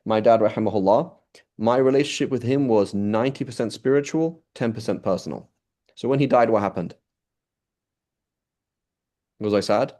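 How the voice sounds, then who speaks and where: A man's voice: lowish voice, moderate pace, pauses often, dark tone. A man giving an informal religious lesson, conversational, often checking in with his listeners by asking "right?" and "you know?". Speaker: Islamic teacher.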